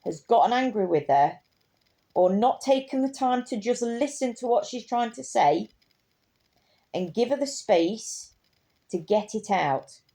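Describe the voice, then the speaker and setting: A woman's voice: fairly high pitch, expressive, measured pace, warm tone. A woman telling a story in a casual, impassioned way, indignant and rambling with restarts.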